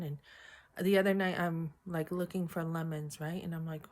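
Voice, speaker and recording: A middle-aged woman talks casually to her camera, retelling a funny workday with lively acted-out quotes. Her voice sits a little low for a woman. She clears her throat often as she chats along. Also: moderate pace. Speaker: vlogger. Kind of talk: casual storytelling.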